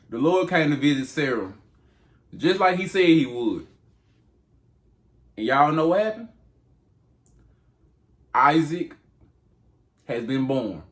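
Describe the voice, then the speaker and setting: A man retells an old Bible story in loose, slangy everyday talk, addressing the listeners directly. His voice sits in an ordinary middle pitch for a man. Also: animated, takes it slowly, pauses often. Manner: slangy, talks straight to the audience. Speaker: channel host retelling Bible stories. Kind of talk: casual storytelling.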